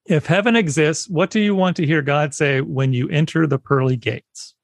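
A man's voice: a little high, moderate pace, creaky, no echo, studio quality. A man co-hosting a podcast interview in casual chat, often affirming the guest with short encouragements. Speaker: podcast co-host.

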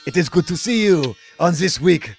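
A man's voice: on the high side, expressive, normal speed, gravelly, faint music behind, pitched above the performer's own voice. A man putting on an exaggerated mock-French accent as a chirpy, vain character in a comic podcast interview bit, with a sing-song delivery. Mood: playful.

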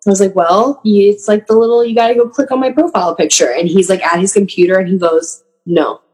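A woman's voice: mid-range voice, fast, rough recording. A woman in casual chat, telling family stories with lots of laughter and fillers. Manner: laughing, animated storyteller.

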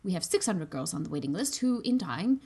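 A woman's voice: fairly low pitch, very animated, a little fast, creaky, mellow, husky, exaggerated voice. A woman reading aloud and voicing a prim, officious busybody who lectures in a stiff, formal way.

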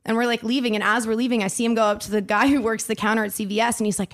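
Fast-talking animated young woman. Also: on the high side. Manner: animated, acts out quotes loudly. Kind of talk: casual storytelling chat.

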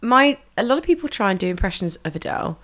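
A woman from England in casual podcast chat, animated and swearing freely as she mimics singers. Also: on the high side, fast. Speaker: podcast co-host.

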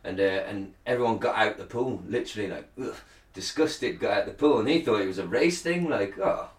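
A man's voice: lowish voice, animated, brisk. A British man co-hosting a podcast, in casual chat as a sweary, laughing, rambling storyteller. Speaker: podcast co-host. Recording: roomy sound, distant mic.

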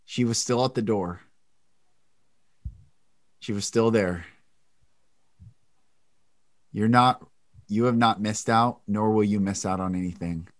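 A man hosting a podcast, speaking gently and reassuringly. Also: fairly low pitch, slow pace, pauses often, dry recording. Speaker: podcast host. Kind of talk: encouraging spiritual talk.

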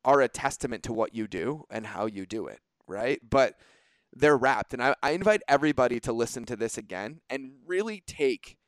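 A man's voice: medium pitch, clear, resonant tone, no room sound. A man hosting a podcast in casual conversation, talking emphatically and swearing casually. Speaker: podcast host.

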